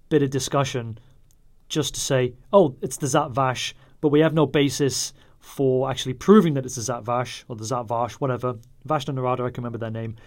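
A man's voice: mid-range voice, darkish tone. A man giving a casual solo review, rambling and wry, often stopping to correct himself. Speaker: podcast reviewer.

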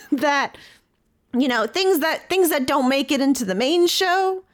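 Brief: woman as eccentric rural sheep farmer, high voice, rambling, fake pirate-like English accent, improv comedy. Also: lively intonation, takes it slowly. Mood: folksy. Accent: put-on pirate-like English accent. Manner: rambling, folksy, trailing off mid-sentence.

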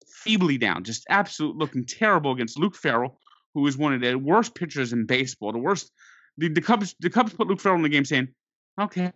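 A man rants through a sports story with a forceful, bright edge and a voice pitched a bit high, restarting his sentences as his exasperation builds. The sound is dull and lo-fi but dry, with no room around it. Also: no room sound. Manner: exasperated, animated, stumbling restarts.

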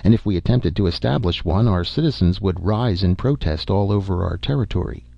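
A man voicing a weary, grizzled older diplomat who speaks in a measured, grave way, on a dull, dry recording. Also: deep voice, vocal fry, warm tone, dry recording.

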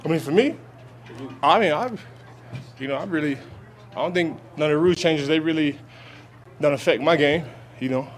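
A young adult man, a football player, answering reporters' questions at an outdoor training camp, often restarting his sentences with fillers. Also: a little high. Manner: halting, many restarts and fillers. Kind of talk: press conference answers.

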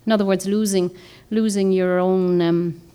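A woman's voice: medium pitch, fairly even intonation, normal speed, warm tone, clean tone. A woman author giving a reflective, rambling talk to a group, often searching for words and restarting her sentences. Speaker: author and speaker.

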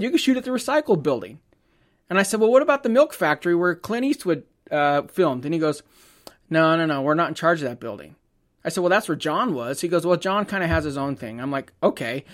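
A man, a photographer, telling a casual anecdote, acting out the dialogue and laughing often as he goes. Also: a little high.

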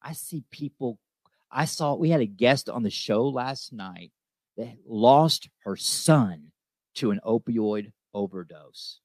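A man's voice: medium pitch, animated, slow, a little mellow, no room sound. Emphatic man talking recovery, dry sound. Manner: emphatic, repeats lines, says "okay?" often. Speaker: host of a recovery show. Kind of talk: heartfelt recovery talk.

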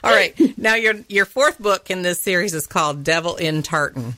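A middle-aged woman hosts a relaxed interview show, her voice sitting low for a woman. She chats playfully and breaks into laughter often. The sound is dry and close, with no room around it. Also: normal speed, no room sound. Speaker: podcast host. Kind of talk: casual interview chat.

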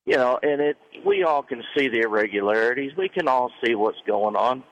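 A man's voice: medium pitch, lively intonation, brisk, fairly bright tone, poor audio. Indignant man calling in by phone. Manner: plainspoken, indignant, tells a joke. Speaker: caller. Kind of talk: phoning in to talk radio. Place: in a vehicle.

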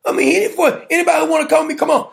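A man's voice: very high-pitched, little pitch movement, very fast, creaky. A man preaching a sermon in a colloquial, playful way, firing rhetorical questions and laughing with the congregation.

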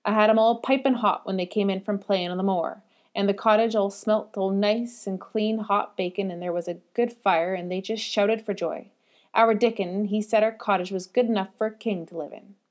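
A woman's voice: mid-range voice, fairly even intonation, moderate pace, darkish tone, close to an everyday voice. A woman doing a chatty Yorkshire maid. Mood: cheerful. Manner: broad dialect, eager and chatty. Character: cheerful young Yorkshire housemaid, chatty.

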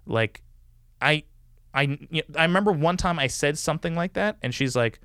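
A man in a casual podcast chat, telling a long personal story. His voice is smooth and resonant, recorded close and dry with no room sound, and his talk is loose, full of "like" and "you know". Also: a little high, lively intonation, moderate pace, fairly bright tone, dry recording. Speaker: guest.

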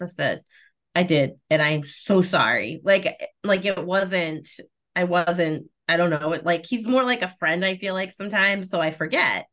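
At a moderate pace, a woman with a lower voice chats casually as a podcast co-host. She tells stories animatedly and laughs often.

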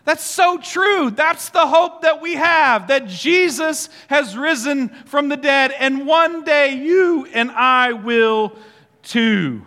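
A man preaching a sermon as pastor, animated, leading the congregation to repeat words back. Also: very high-pitched, takes it slowly. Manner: animated preaching, leads the congregation in call-and-response. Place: church sanctuary. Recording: reverberant church hall with faint music.

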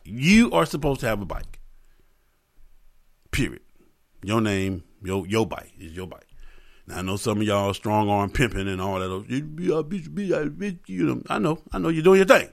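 A man's voice: fairly low pitch, very animated, moderate pace, creaky, pauses often, fairly bright tone. A man hosting a podcast, talking in a loose, profane, joking way, with lots of asides to his listeners. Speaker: podcast host. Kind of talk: casual comedic podcast rant.

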